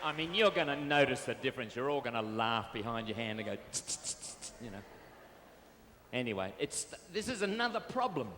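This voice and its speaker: A man's voice: medium pitch, sing-song, brisk, bright, forceful tone, a little hiss or hum. An Australian man bantering cheekily with a live audience as a stage entertainer, on a stage microphone. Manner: cheeky, chatty, teasing the crowd. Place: stage at a fair venue before a live audience. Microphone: stage microphone on a cable. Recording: reverberant live venue with band music.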